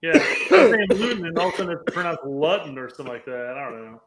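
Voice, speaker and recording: A man's voice: a little high, sing-song, very fast, reverberant, a loud crowd. Laid-back man co-hosting soccer chat. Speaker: podcast co-host. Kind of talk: casual sports chat.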